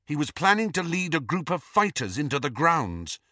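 A man voicing an urgent, brave teenage wizard in an audiobook, talking fast. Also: fairly high pitch, sing-song, sharp tone, no echo, clean studio sound, pitched above the performer's own voice, heavily acted. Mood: earnest. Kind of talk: audiobook character voice.

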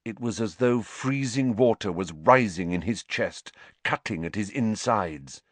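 A man narrating a story aloud with dramatic, expressive delivery. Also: on the low side, unhurried, slightly rough, no room sound. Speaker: audiobook narrator. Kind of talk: scripted narration.

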